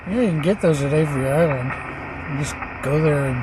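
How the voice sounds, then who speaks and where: A man off camera tossing in quiet, offhand remarks during a casual chat. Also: on the high side, brisk, background noise.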